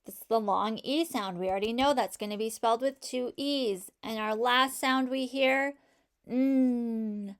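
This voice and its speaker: A woman's voice: on the high side, normal speed, few pauses. A woman teaching a phonics lesson to children, patiently sounding out each sound in a word and praising answers.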